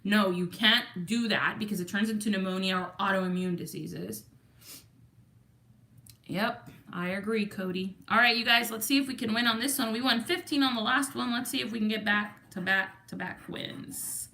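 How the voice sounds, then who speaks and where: A woman's voice: mid-range voice, normal speed, pushed and bright, echoey room. Chatty Texan woman livestream host. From Texas. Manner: chatty, reads viewer comments aloud and counts numbers. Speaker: lottery scratch-off livestream host. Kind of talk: casual livestream chat.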